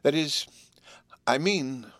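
A male audiobook reader playing an awkward, flustered doctor who speaks haltingly. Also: medium pitch, animated, no echo, close to an everyday voice. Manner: halting and embarrassed. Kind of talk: audiobook character voice.

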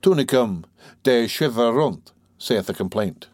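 A man reading an old novel aloud, voicing a severe older male archdeacon who speaks coldly and slowly, like a lecturer. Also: medium pitch, expressive, a little mellow, dry recording. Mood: stern. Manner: cold, measured, lecturing.

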